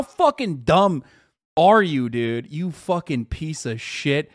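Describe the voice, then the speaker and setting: A man hosting a live stream, giving excitable, profane reaction commentary. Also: a little high, slow, dry recording, studio quality.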